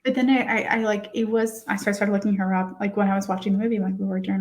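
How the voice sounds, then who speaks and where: An excitable young woman hosts a casual podcast, talking in quick bursts and laughing often. She speaks at a middle pitch and keeps the tone loose and chatty. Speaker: podcast host. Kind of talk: casual chat.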